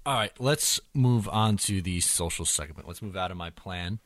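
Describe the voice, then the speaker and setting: A man with a low voice hosts a casual sports podcast, laid-back and teasing as he steers the segments. The sound is dry and close, with no room around it. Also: moderate pace, a bit bright, no echo. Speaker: podcast host.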